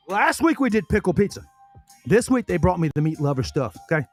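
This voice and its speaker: High-pitched man, folksy sponsor patter, talks with food in his mouth, faint music behind. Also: sing-song, brisk, dry recording. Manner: chatty, folksy, self-correcting salesman patter; talks while chewing food. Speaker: podcast host reading sponsor spots. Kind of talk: casual sponsor talk on a podcast.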